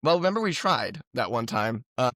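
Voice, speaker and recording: A man with a gravelly, mid-pitched voice talks casually with friends about a movie. He rambles, restarts and laughs often. The sound is close and dry, with no room around it. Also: very animated, brisk, fairly bright tone, no room sound. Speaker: podcast co-host. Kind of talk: casual movie-review chat.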